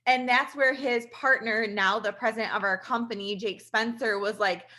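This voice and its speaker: Bright-voiced chatty woman giving a testimonial. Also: fairly high pitch, steady tone, normal speed, few pauses. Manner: earnest, chatty, fillers like "like" and "you guys". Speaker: registered nurse sharing a testimonial. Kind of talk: casual personal testimonial to an audience.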